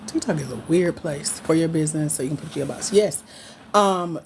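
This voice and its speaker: A woman's voice: low voice, moderate pace, background noise. A woman coaching on grants, chatting casually on a livestream and teasing her viewers as she answers their comments. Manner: playful, teasing, talks back to chat comments.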